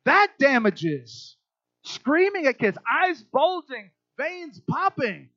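A man's voice: very high-pitched, sing-song, slow, sharp tone, no room sound. A middle-aged man preaching a sermon to a church crowd, chatty and conversational, often checking in with his listeners. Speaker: pastor. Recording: dull lo-fi dry sound.

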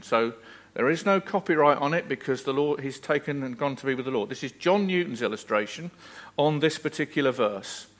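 Earnest preacher with a lightly raised pitch. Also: male voice, a bit bright. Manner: earnest and emphatic, with rising and falling intensity and repeated phrases. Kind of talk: sermon.

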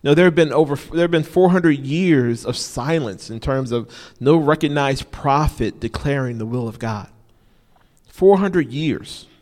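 A man's voice: medium pitch, moderate pace, few pauses, a little mellow. A man preaching an informal sermon, repeating key phrases for emphasis and often saying "you know". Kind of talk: conversational sermon. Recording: long reverb of a large hall.

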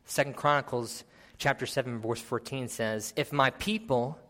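A man's voice: medium pitch, moderate pace, a bit bright. A man preaching a sermon, earnest and exhorting, reading scripture aloud. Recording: long hall reverb.

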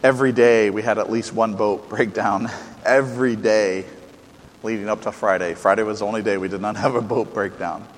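A man preaching a sermon, getting loud for emphasis and dropping quiet for asides. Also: lowish voice, steady tone, normal speed, long reverb tail, low-quality recording. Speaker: pastor.

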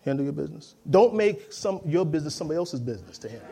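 A man's voice: on the high side, sing-song, rapid-fire, gravelly, dark tone, breathy edge. A man preaching a sermon, emphatic and conversational, calling on the congregation to respond and acting out quoted voices. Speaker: pastor.

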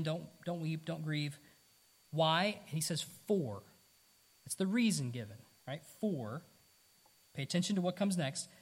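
A man preaching a conversational sermon to his congregation, earnest, asking rhetorical questions and repeating himself. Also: on the high side. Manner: repeats words, casual asides. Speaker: pastor.

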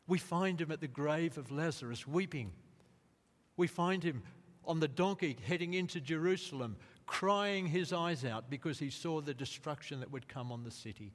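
Slow-speaking preacher man in a reverberant hall. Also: a little high, expressive. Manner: slow, deliberate, rising to emphatic quotes. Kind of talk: sermon. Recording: long reverb of a large hall.

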